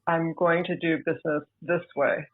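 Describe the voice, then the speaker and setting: A woman, a podcast guest, telling her own story in a measured, deliberate way over a remote line. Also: deep voice, fairly even intonation. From United States. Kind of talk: personal storytelling. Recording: tinny phone-like remote line.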